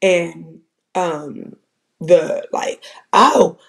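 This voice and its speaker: A gravelly, raspy-edged voice, sitting in the middle of the pitch range. This commentator rambles through profane, animated stories in a loose, casual flow that keeps circling back on itself. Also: drawn-out words. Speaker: livestream commentator.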